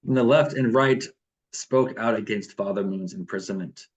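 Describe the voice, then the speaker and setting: A man's voice: lowish voice, moderate pace, highs cut off. A man leading a morning devotion over a video call, reading passages aloud and then talking them through with fillers and restarts.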